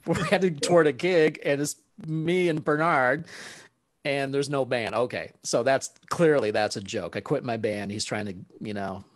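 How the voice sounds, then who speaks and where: A man's voice: medium pitch, moderate pace, no room sound. A man, a guest saxophonist, telling stories casually and animatedly, laughing often and acting out what people said. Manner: animated, laughs often, acts out quoted speech. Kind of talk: casual storytelling.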